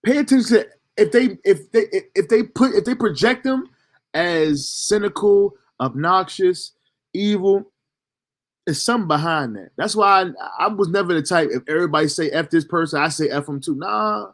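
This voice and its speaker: A man's voice: high-pitched, lively intonation, moderate pace, a bit bright. Laid-back man reacting to clips. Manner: laid-back, conversational, slangy. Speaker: reaction video host. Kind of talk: casual reaction commentary.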